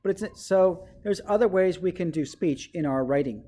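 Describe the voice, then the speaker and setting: A man's voice: high voice, moderate pace, dark tone. A male teacher giving a writing lesson to children, explaining step by step and often checking in with "okay?".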